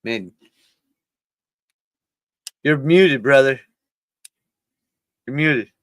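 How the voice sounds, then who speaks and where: A man's voice: mid-range voice, very slow, no room sound. A middle-aged man co-hosting a podcast, chatting casually and teasing with lots of laughter over a home video-call mic. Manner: joking, laughs a lot, teasing. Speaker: podcast co-host. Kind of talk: casual chat over a watch-along.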